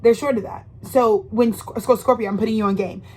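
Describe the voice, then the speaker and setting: Woman, tarot reading, casual monologue, rambling, emphatic, slangy, higher voice. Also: steady tone, brisk, a little mellow, low-quality recording. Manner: rambling, emphatic and profane, with frequent restarts; slangy, intimate direct address to the listener. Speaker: tarot reader.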